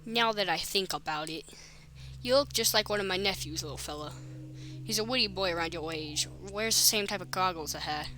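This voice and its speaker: A woman's voice: on the low side, a little fast, sharp tone, slight background noise. A woman doing a nosy Boston policeman. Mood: prying. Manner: prying, folksy, overly familiar. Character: gruff suspicious male small-town policeman.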